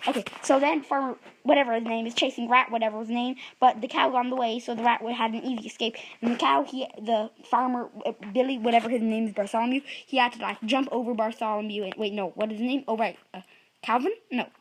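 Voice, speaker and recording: A woman's voice: fairly high pitch, fairly even intonation, fast, poor audio. A woman improvising a rambling story that keeps losing track of its names and correcting itself. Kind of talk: improvised storytelling for a puppet app.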